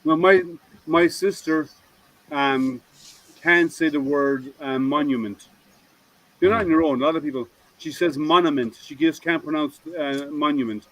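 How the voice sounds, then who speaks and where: A man's voice: fairly high pitch, measured pace, fairly bright tone, low-quality recording. An Irish man hosting a casual video-call chat, rambling and trailing off as he searches for words. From Ireland. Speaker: host.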